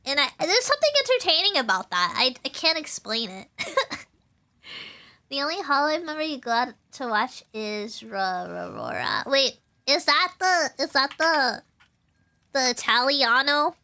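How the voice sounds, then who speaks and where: A young female VTuber chats casually on stream, bubbly and giggly, rambling with many likes and ums while getting teary and emotional. Her voice sits high with big pitch swings, a little slow, bright and forceful.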